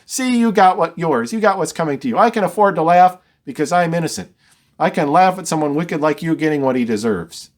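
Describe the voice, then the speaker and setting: A man's voice: on the high side, lively intonation, a little fast, lightly acted. A man voicing a smug, self-righteous man who lectures and mockingly laughs at his suffering friend. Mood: scornful gloating. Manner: gloating, preachy, laughs scornfully.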